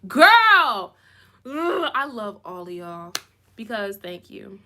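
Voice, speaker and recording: A woman's voice: mid-range voice, expressive, slow pace, background noise. A woman YouTuber doing live commentary and reading comments, talking emphatically and repeating herself for emphasis. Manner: self-described goofy.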